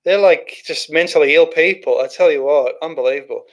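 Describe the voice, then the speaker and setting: An Australian man with a slightly high, brisk voice hosts a livestream, reading chat comments aloud and answering them. He's chatty and rambling, thinking out loud and restarting his sentences.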